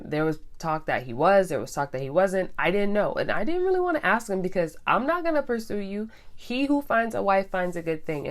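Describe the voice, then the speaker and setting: A young woman with a low voice tells her story to the camera, chatty and animated. She talks straight to her viewers as if to friends. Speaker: vlogger. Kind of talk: casual storytelling.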